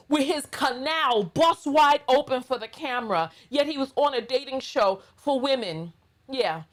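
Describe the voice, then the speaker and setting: Brief: middle-aged New York woman, high voice, slow, emphatic drawl, blunt sassy commentary host. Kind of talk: reaction commentary monologue.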